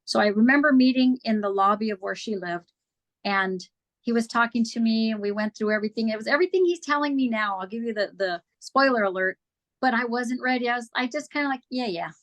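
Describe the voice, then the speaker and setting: A woman's voice: on the high side, brisk. A woman guest on an interview show, telling her personal story in a candid, earnest way and acting out past conversations.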